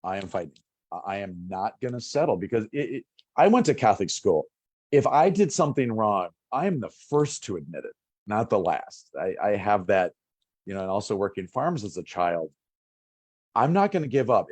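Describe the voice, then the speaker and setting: Older male doctor, low-pitched, dry, animated guest telling his story. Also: normal speed, dry recording. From Minnesota. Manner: animated, acts out past conversations. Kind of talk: casual interview storytelling.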